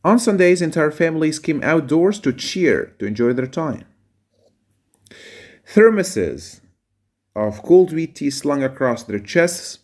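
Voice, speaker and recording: A man teaching a reading lesson, reading a passage aloud and explaining its words with pauses and fillers. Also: on the high side, big pitch swings.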